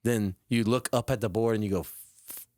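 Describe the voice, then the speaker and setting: A man's voice: on the low side, quick pace, dry recording. A man hosting a podcast, chatting casually and acting out his friends' voices as he tells stories. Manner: animated storyteller, acts out friends' voices. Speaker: podcast host, DJ. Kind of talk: casual chat.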